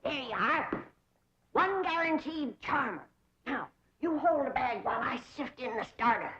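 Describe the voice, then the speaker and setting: Feisty old hillbilly granny. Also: female voice, sits high, lively intonation, measured pace, a crowd in the background. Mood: brisk. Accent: rural Southern American. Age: older. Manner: bossy, folksy, chanting spells. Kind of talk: 1960s sitcom acting. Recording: dull noisy 1960s TV soundtrack.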